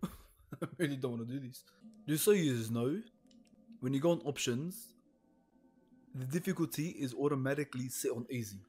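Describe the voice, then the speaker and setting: Young aussie guy scared stiff playing a horror game, husky, keeps swearing and stalling. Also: mid-range voice, normal speed, long pauses, a little mellow, faint music behind. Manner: nervous, swearing, rambling and hesitant. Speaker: gaming video host. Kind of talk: horror game let's play commentary. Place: home room, alone.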